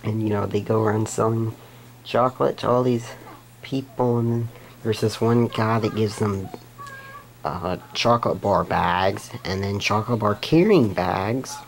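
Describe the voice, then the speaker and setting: Slow rambling man recapping cartoon episodes. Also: lowish voice, gravelly, a little hiss or hum, rough recording. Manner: rambling, many restarts, giggly. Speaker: YouTube episode reviewer. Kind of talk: casual unscripted recap.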